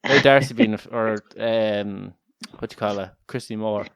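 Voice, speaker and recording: A young man with a soft Kildare accent hosts a casual podcast chat. He rambles through stories, swears freely and breaks into laughter. His voice is smooth and clear, recorded close in a dry room. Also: lowish voice, steady tone, moderate pace, dry recording. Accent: Irish, Kildare. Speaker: podcast co-host.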